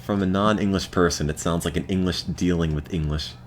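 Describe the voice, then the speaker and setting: An American man streaming a game, chatting to his viewers in a deadpan, self-mocking way. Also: sits low, brisk, a little hiss or hum. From United States. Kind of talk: casual gameplay commentary to chat.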